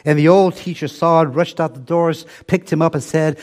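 An older man preaching a sermon, slow and emphatic, often dropping to a soft, low voice for weight. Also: steady tone.

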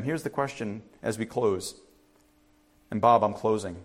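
A middle-aged man preaching a sermon as pastor, urging loudly one moment and dropping to quiet asides the next. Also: fairly low pitch, a little slow. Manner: animated, swings from loud urging to quiet asides.

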